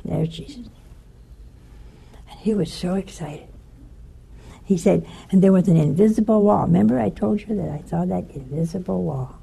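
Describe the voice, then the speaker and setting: An older woman delivers a sermon-style talk, telling stories with animation and voicing the people in them. Her voice is fairly low, creaky and slightly rough, at a normal speed. She is a religious speaker.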